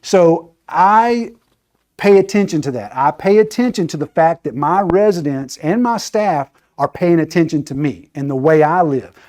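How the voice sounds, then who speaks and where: A man's voice: fairly high pitch, expressive, normal speed, a little mellow. A man giving a casual training talk, chatty and conversational, often checking in with "right?". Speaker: training presenter.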